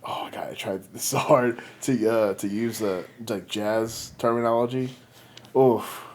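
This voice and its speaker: A man's voice: medium pitch, fairly even intonation, unhurried, a little mellow. Male podcast host, mid-range voice, chatty, laughs a lot, stumbles over his words. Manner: laughs often, stumbling restarts. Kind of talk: casual chat.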